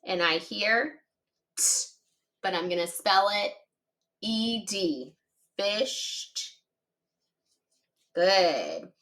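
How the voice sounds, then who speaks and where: Cheerful phonics teacher woman, slow-spoken. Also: mid-range voice, bright, forceful tone. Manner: patient, encouraging, spells words slowly letter by letter; cheerful praise. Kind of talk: children's reading lesson.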